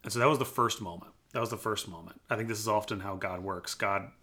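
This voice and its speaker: A man's voice: on the low side, steady tone, quick pace, sharp tone. A man who is a pastor from Colorado, telling his personal faith story in an earnest, reflective way and acting out quotes with energy. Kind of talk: personal testimony in a church podcast interview.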